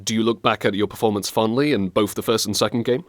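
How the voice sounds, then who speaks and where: A man's voice: lowish voice, steady tone, fast talker, dry recording, studio quality. A man hosting a radio interview, asking friendly, chatty questions. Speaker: radio show host.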